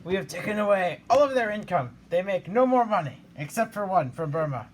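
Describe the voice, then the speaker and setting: A woman's voice: medium pitch, expressive, fairly quick, a little hiss or hum. A woman moderating a strategy board game with friends, laughing and hesitating as she calls on each player. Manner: laughs easily, hesitant restarts. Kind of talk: casual banter while playing.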